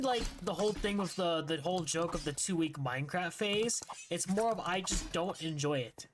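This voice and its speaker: On a game stream, a young man's voice runs on the high side at normal speed with few pauses, over slight background noise. He chats loosely, rambling and swearing a lot as things frustrate him.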